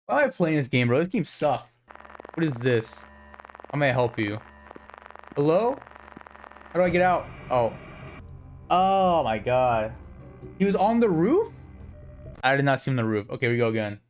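A young man streaming a horror game, excitable and swearing, yelping and shouting whenever he gets startled. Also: medium pitch, moderate pace, long pauses, a little hiss or hum. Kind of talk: live gameplay commentary.

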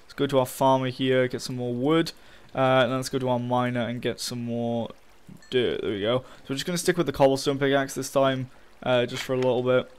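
A man's voice: medium pitch, little pitch movement, fairly quick, few pauses, clear, resonant tone. A young man giving casual, swear-heavy commentary as he plays a Minecraft map and rants about his losses. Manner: casual, swearing, frustrated ranting. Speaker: gaming YouTuber. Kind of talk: Minecraft let's play commentary.

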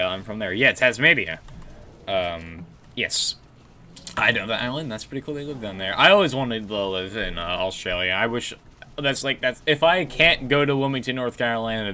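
Bright-voiced man streaming a game. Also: medium pitch, animated, fairly quick, slight background noise. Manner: rambling, restarts, reads chat. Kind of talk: casual game stream chat.

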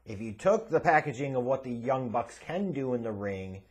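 A man's voice: mid-range voice, expressive, moderate pace. A man hosting a casual Q&A, reading out viewer questions and answering them bluntly, sarcastically and with a lot of swearing. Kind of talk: casual Q&A rant.

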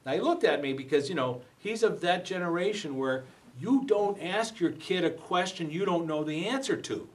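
A man giving a talk, telling stories with lively acted-out dialogue. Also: moderate pace, recorded from a distance. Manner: lively storytelling, acting out dialogue with raised pitch. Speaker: speaker at a talk. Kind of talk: storytelling talk.

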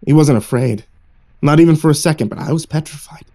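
Mellow male horror narrator. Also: a little high, fast. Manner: hushed, suspenseful storytelling. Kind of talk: scripted narration.

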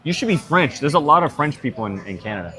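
A man's voice: fairly high pitch, sing-song, fast, sharp tone, soft background music. A young man chatting casually in a pub on a live stream, joking and swearing a lot. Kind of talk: casual chat. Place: Irish pub.

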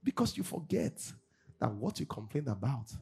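A man's voice: medium pitch, sing-song, moderate pace, vocal fry, darkish tone, slightly rough. A middle-aged man preaching a sermon as pastor, acting out congregants' voices and laughing often.

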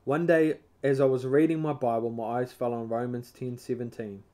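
Mellow-voiced man reading scripture slowly. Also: medium pitch, steady tone. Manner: measured reading with occasional stumbles and self-corrections. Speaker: Bible study leader. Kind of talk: reading a devotional book aloud with brief comments.

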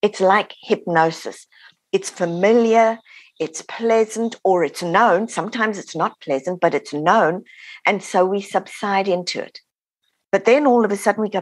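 A woman's voice: medium pitch, a little slow, no room sound. A woman author being interviewed, explaining her ideas and acting out the voices of people she quotes. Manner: animated, acts out quoted voices. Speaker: author and guest. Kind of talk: interview answers, teaching.

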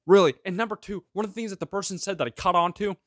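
Male host, solo rant, sarcastic, fairly high voice, dry close sound. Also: racing, no room sound. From of Greek heritage. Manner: sarcastic, full of rhetorical questions. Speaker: show host. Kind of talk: ranting solo commentary.

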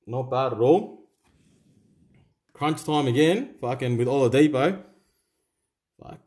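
A young Australian man opens card packs and calls out each name in an offhand, sweary patter. His voice sits at an ordinary middle pitch. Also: a little slow, pauses often, darkish tone. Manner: swears constantly, rattles off names. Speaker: card-opening channel host. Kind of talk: casual pack-opening commentary.

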